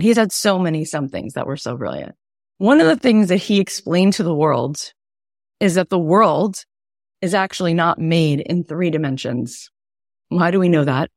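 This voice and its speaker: A woman coach teaching an online workshop in a chatty, animated way, her voice raspy from a cold. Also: on the low side, dry recording, studio quality. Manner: animated, chatty, lots of "right?". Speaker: wealth coach.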